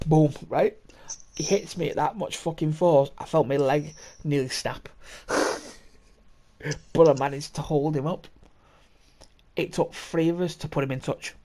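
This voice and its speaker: A young man hosts a podcast, spinning a rambling, sweary story full of laughs and restarts in a casual chat. His voice sits on the high side, with a steady, warm tone and a measured pace.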